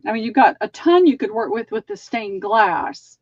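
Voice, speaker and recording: A woman's voice: on the high side, expressive, normal speed, darkish tone, no echo, muffled recording. A woman hosting a live online sale, chatting as she measures and describes items. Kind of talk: live-streamed sale pitch.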